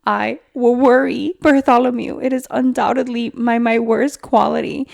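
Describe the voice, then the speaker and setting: A woman's voice: a little high, steady tone, normal speed, vocal fry, a little mellow, no echo, studio quality, pitched above the performer's own voice. A woman voicing a weepy, melodramatic male stone gargoyle from a book she is reading aloud. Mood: tearful. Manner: sobbing, melodramatic pleading.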